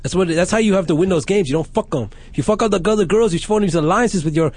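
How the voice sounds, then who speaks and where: A male radio host with a high voice, talking in a loose, rambling way full of crude jokes. The sound is close and dry, with no room around it. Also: fast, a little mellow, dry recording. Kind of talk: loose profane radio banter.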